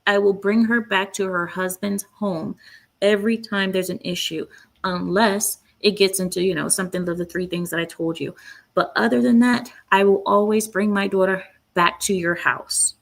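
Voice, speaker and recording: A woman's voice: mid-range voice, creaky. A woman hosting her own commentary channel, speaking bluntly and with indignation, often breaking off to read quotes aloud. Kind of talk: opinionated solo commentary.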